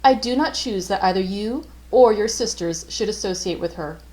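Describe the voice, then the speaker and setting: Stern cold aunt, read by a woman, sharp, dismissive, scolding, storybook reading. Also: mid-range voice, normal speed, lightly acted, rough recording.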